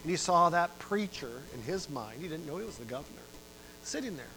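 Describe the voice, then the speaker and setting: A middle-aged man preaching a sermon, telling a story with dramatic rises in volume and sudden drops to a hush. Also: lively intonation, brisk, background noise. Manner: dramatic, swells loud for emphasis and drops low. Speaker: pastor.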